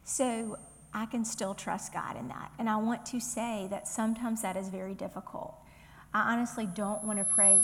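A woman's voice: medium pitch, flat delivery, normal speed, big-room sound, slight background noise. A woman with a Southern US accent teaching a Bible study, earnest and conversational, reading scripture aloud.

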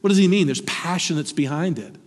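A middle-aged man delivers a sermon in an animated, conversational way, throwing rhetorical questions to his congregation. His voice sits high and a little husky, with lively swings of pitch. It rings out with a long reverb, like a church sanctuary. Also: brisk. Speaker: pastor.

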